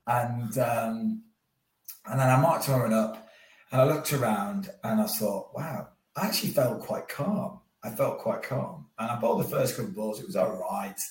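A man, a former cricketer as podcast guest, telling a story in a lively way and acting out his own thoughts. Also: mid-range voice, moderate pace, distant mic. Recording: roomy sound, a bit off mic.

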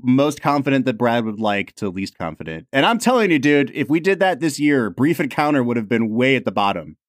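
An animated man co-hosts a podcast in casual chat, his pitch swinging widely as he talks emphatically and laughs often. The sound is dry and close, with no room echo. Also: fairly quick. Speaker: podcast co-host.

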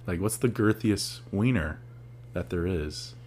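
A man's voice: low-pitched, measured pace, a little mellow, slight background noise. A young man co-hosting a casual, crude podcast chat, laughing often and mocking people with exaggerated quotes. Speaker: podcast co-host.

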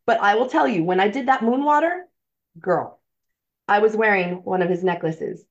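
A woman in her forties telling a story as a podcast guest, chatty and animated with lots of filler words. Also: medium pitch, moderate pace. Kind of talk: casual storytelling chat. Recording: dull lo-fi sound.

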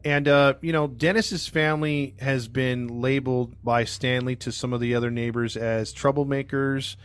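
A man's voice: mid-range voice, fairly even intonation, normal speed, clear, resonant tone. Man retelling a true crime case. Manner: rambling, with many fillers and restarts; acts out quotes in his retelling. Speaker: podcast host narrating the case. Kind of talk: casual true crime storytelling.

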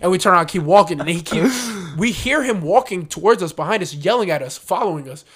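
Brief: man, 20s, podcast co-host, slangy, animated storyteller, slightly higher pitch. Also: fast, slightly rough. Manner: animated, slangy, acts out quotes. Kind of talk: casual chat, storytelling.

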